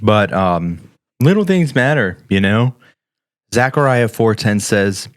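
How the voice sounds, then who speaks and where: A man's voice: fairly low pitch, lively intonation, slow pace, dry recording, clean studio sound. A man in his thirties co-hosting a faith podcast, talking in an earnest, encouraging, chatty way with plenty of fillers. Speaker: podcast co-host. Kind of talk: casual faith podcast chat.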